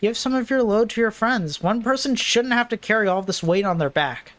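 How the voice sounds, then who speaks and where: A woman reading aloud, voicing a caring teenage girl who gently reassures a friend. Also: a little high, expressive, natural voice. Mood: gentle. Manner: soft, reassuring, measured.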